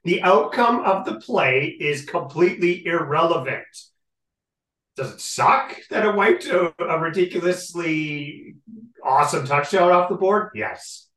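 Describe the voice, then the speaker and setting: Brief: male sports podcast co-host, ranting and animated, slightly high voice, roomy off-mic recording. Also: a little slow, distant mic. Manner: animated, ranting, repeats catchphrase. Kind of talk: casual sports talk rant. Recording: echoey room, off-mic.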